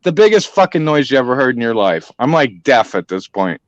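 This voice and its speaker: A man's voice: medium pitch, brisk, dry recording, lo-fi sound. A man telling a hunting story in casual chat, swearing a lot and acting out the voices. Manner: profane, animated, acts out voices.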